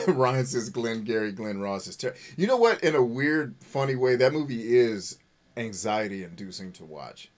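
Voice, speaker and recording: A man's voice: medium pitch, very animated, a little slow. A man hosting a live game stream, chatting with viewers in a profane, joking, self-mocking way. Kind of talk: live gameplay commentary reading chat.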